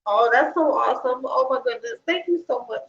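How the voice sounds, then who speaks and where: A woman, chatting to her viewers on a livestream. Her voice sits a little high and sounds bright and forward. She talks in a loose, emotional way, full of feeling. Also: a little fast, lo-fi sound. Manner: chatty, talks straight to viewers, emotional and tearful when reading good news. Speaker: vlogger. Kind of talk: casual livestream chat.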